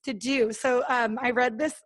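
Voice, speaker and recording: A woman's voice: on the high side, fairly even intonation, normal speed. A woman talking as a podcast guest in a casual, earnest and motivational way, acting out her own thoughts and what others said. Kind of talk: casual interview talk.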